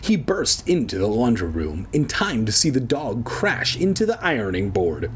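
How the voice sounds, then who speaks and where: A man's voice: mid-range voice, huge pitch swings, normal speed, slight background noise. A man casually reading a children's book aloud, breaking off for irreverent, swearing asides. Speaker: reader. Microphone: home recording, edited later.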